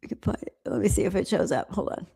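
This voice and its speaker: A woman's voice: mid-range voice, quick pace, gravelly, dark tone, husky. A woman hosting a live stream, reacting to viral clips in casual, incredulous commentary with frequent laughs.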